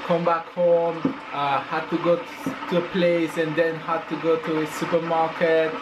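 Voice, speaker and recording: A young French man with a French accent, chatting halting and teasing in a casual family vlog, full of fillers and restarts. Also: a little high, completely flat delivery, noisy background. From France. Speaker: vlog co-host, husband.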